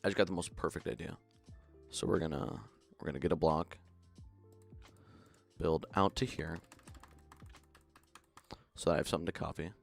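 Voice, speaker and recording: A man's voice: extremely low pitch, steady tone, normal speed, vocal fry, pauses often, soft background music. A young man around twenty, giving mumbled running commentary as he builds in a game stream. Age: young adult.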